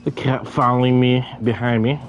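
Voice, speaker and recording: A man's voice: mid-range voice, little pitch movement, normal speed, muffled recording, slight background noise. A young man casually telling a story while gaming, stuttering and repeating sounds, laughing as he goes.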